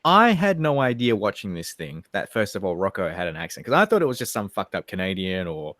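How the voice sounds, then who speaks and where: A man in his thirties with an Australian accent, co-hosting a casual livestream chat and telling animated, profane, rambling stories. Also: deep voice, a little fast, no room sound, clean studio sound. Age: 30s. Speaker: livestream co-host.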